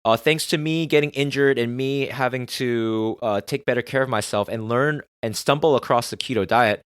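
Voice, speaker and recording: A man's voice: mid-range voice, normal speed, fairly bright tone, clean tone, no room sound. Podcast guy talking candid and confessional, swears a lot, dry close sound. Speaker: podcast host. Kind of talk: personal reflective monologue.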